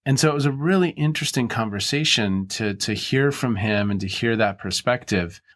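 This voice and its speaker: A man hosting a podcast interview who reflects out loud and then asks the guest a question. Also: mid-range voice, moderate pace. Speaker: podcast host. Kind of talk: interview conversation.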